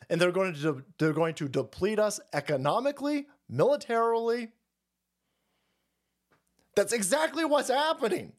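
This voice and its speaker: A man rants on his livestream in a slightly high voice, swearing freely and tumbling from one point to the next. His talk rushes ahead in excited bursts of loose, unscripted commentary. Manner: profane, fast rambling rant. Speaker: streamer host.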